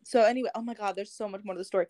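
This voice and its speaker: A woman's voice: mid-range voice, fairly even intonation, racing, warm tone, dry recording. A young woman co-hosting a podcast, telling a story in casual chat and acting out the dialogue. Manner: chatty storyteller, acts out dialogue, many "like"s. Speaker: podcast co-host.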